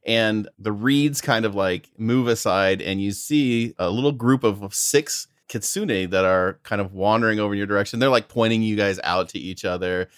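A woman running a tabletop game, narrating the scene casually with fillers and restarts. Her voice is low and the recording is dry and close. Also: normal speed, few pauses, clean tone, no echo. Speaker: game master.

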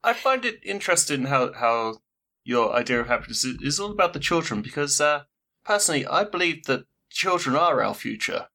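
A man playing in a tabletop game, stammering and halting as he speaks in character. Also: a little high, sing-song, vocal fry, pushed and bright. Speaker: player. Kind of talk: casual tabletop play.

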